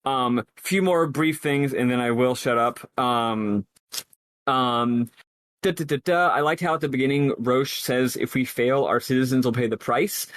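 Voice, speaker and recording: A man's voice: medium pitch, unhurried, fairly bright tone, no echo. A man co-hosting a podcast, talking through his ideas in a rambling way, with many fillers and restarts. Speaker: podcast co-host. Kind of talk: casual discussion.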